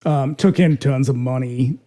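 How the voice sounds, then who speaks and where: A podcast co-host talking casually about a film, animated and profane, acting out lines of dialogue. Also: medium pitch, unhurried. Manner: animated, profane, acts out quotes.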